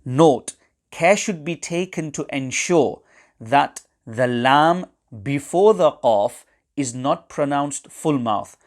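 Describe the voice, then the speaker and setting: A man teaching correct recitation, explaining pronunciation errors in a measured, precise way. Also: fairly high pitch, lively intonation. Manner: measured and precise, pausing between phrases. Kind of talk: slow, deliberate instructional explanation.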